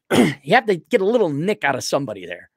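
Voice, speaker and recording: A young man hosting a livestream, reading out donations and giving blunt, crude opinions, swinging from loud outbursts to low mumbling. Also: huge pitch swings, a little fast, gravelly, slightly rough, dry recording, clean studio sound. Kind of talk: casual opinionated monologue.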